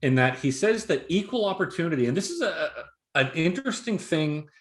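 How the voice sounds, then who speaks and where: A man co-hosting a podcast, ranting with plenty of swearing. His pitch swings widely, and the voice carries the echo of the room. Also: fairly quick. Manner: profane, ranting, animated. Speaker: podcast co-host. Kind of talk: casual chat.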